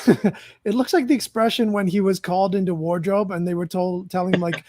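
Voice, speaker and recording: A man hosting a casual conversation about films, speaking in a measured, reflective way and often searching for words. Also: sits high, fairly even intonation, darkish tone, no room sound, clean studio sound. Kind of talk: casual film chat.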